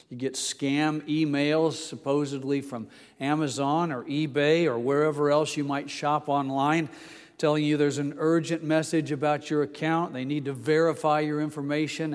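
An older male pastor giving a folksy sermon, reading scripture slowly and telling stories with many pauses and fillers. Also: on the high side, big-room sound. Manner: slow, deliberate scripture reading.

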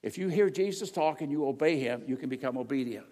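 An older man preaching a sermon with slides, emphatic and swinging between loud declarations and quiet asides. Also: mid-range voice, expressive, quick pace. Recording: long reverb of a large hall.

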